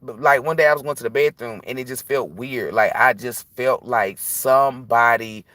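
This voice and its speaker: A man's voice: medium pitch, normal speed, a bit bright, no room sound. A man who reads tarot, talking casually and bluntly on a livestream, preachy and profane. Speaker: tarot reader.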